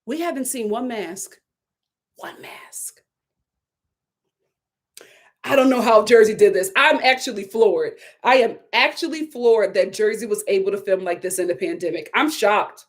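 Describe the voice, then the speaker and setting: A woman hosting a casual live review of a reality TV show, animated and incredulous, repeating herself for emphasis. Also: medium pitch, brisk, hardly any pauses. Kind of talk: casual live recap chat.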